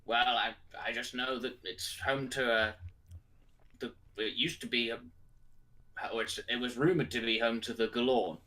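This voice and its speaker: A man's voice: medium pitch, flat delivery, normal speed, bright, forceful tone, lightly acted. A man voicing a wounded male adventurer who stumbles and hesitates over his words, a bit distant from the mic. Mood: hesitant.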